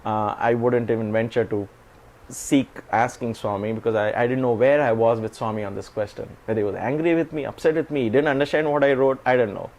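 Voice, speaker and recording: A middle-aged man recounting a personal story as an interview guest, animated and laughing often as he acts out quotes. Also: mid-range voice, fairly quick, rough recording.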